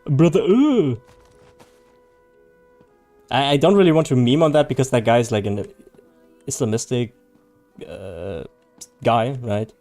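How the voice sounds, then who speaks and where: Brief: male streamer, mid-pitched voice, loose joking chatter with frequent laughs, faint music underneath. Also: expressive, a little slow, pauses often, a little mellow. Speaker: game streamer. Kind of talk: casual live-stream chat, reading chat.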